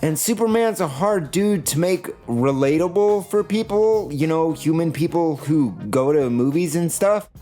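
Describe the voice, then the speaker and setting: A man narrating a scripted video essay in a sardonic, jokey way, with his pitch swinging up and down. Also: lively intonation, measured pace, hardly any pauses, mellow, soft background music.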